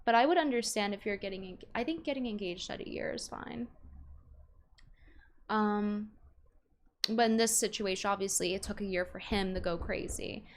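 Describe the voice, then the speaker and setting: A woman's voice: medium pitch, moderate pace, long pauses. A young woman streamer chatting casually, reading viewer messages aloud and reacting bluntly.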